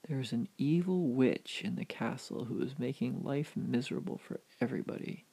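A man voicing a calm, solemn mouse who is really an enchanted prince, in a told story. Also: mid-range voice, moderate pace, gravelly, slightly rough.

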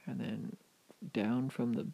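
Man, storyteller, animated, gravelly, dark warm tone. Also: mid-range voice, a little slow. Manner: animated, vivid narration. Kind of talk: oral storytelling.

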